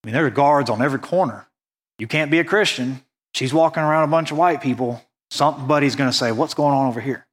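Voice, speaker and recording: A man from the United States preaching a sermon, earnest and conversational, slowing down to stress key points. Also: medium pitch. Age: adult, went on a mission trip after high school. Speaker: pastor.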